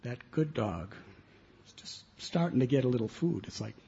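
A man preaching a sermon in an animated storytelling way, on a muffled lo-fi recording. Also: medium pitch, moderate pace, gravelly, slight background noise. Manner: animated storytelling with sound effects.

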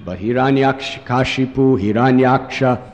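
A man preaching a sermon, telling a story dramatically and slowing down for emphasis. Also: mid-range voice, fairly even intonation. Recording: long hall reverb.

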